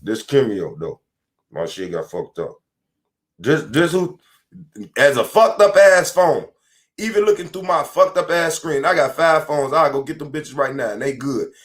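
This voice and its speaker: A man's voice: medium pitch, lively intonation, a little slow. A man hosting a podcast, delivering an angry, profane and confrontational monologue from home. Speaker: podcast host.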